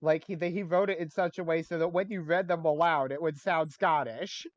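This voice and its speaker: A man's voice: fairly high pitch, steady tone, a little fast, no room sound. A man with a slightly raised voice rambles cheerfully through random trivia and corny jokes while gaming with friends. His words come through a dull, dry, close mic. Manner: chatty, rambling trivia talk with restarts and jokes. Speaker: gamer on a livestream. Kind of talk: casual gaming chat.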